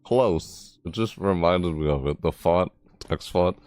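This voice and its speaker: Low-voiced excitable man reacting live. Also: unhurried. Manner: excitable, rambling, laughs often. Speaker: reaction streamer.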